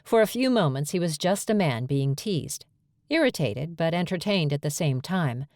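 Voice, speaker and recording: Low-voiced woman narrating a romance audiobook. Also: very animated, normal speed, a little mellow, dry recording, studio quality.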